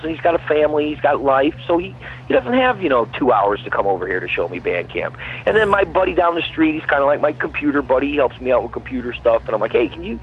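A guest musician with a husky, mid-range voice calls in and chats casually. His talk wanders and repeats itself, heard through a tinny phone connection.

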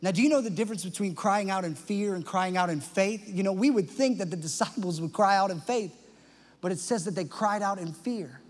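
A man preaching a sermon with passion, swinging from loud emphasis to hushed tones. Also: high-pitched, a little fast. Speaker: pastor. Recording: long church-hall reverb with faint music.

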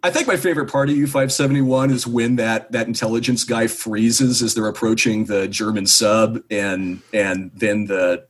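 A man guesting on a podcast, chatting casually with a wry, laughing manner and a husky voice. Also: lowish voice, fairly even intonation, moderate pace, hardly any pauses. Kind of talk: casual chat.

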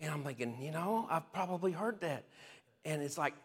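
Male pastor, higher register, animated storyteller, reverberant sound. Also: moderate pace. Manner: lively storyteller who chuckles often. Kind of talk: testimony-style sermon storytelling.

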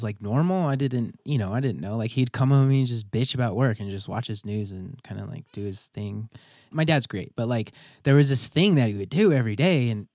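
A man in a casual podcast conversation, reflecting in a relaxed, slangy way. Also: mid-range voice, dry recording, clean studio sound.

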